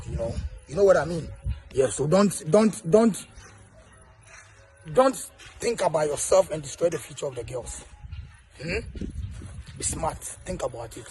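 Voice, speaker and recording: A man's voice: fairly high pitch, a little mellow. A middle-aged Ghanaian man speaking straight to camera in a video message, earnest and pleading, repeating his points. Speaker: entertainer.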